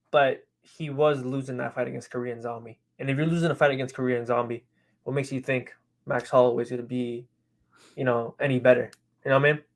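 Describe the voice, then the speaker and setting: A man guesting on a sports podcast, chatting animatedly, laughing and repeating himself as he talks. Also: medium pitch. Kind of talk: casual sports chat.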